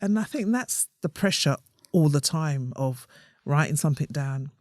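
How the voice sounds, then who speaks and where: A woman guest on a podcast, a comedian and playwright, telling animated stories and acting out what people said. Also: low-pitched, moderate pace, no echo, clean studio sound. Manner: animated storyteller acting out voices. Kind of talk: casual podcast conversation.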